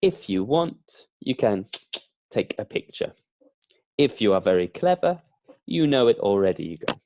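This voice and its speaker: A man teaching beginner English, drilling words slowly with emphatic repetition. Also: lowish voice, sing-song, a little mellow, no echo.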